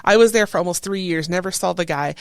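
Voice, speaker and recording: A lively woman guest tells service stories in a casual interview, her voice smooth and clean. She throws herself into quoting other people and lets her voice jump around. The sound is close and dry, with no room in it. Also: lowish voice, fast, no room sound. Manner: lively, animated storyteller who acts out quoted voices. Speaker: guest, retired Coast Guard chief petty officer.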